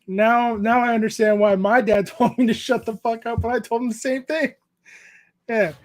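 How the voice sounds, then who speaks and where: A man's voice: very high-pitched, steady tone, moderate pace. A man in his thirties hosting a casual creator chat, laid-back, swearing freely and laughing often as he tells stories. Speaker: podcast host interviewing a YouTuber.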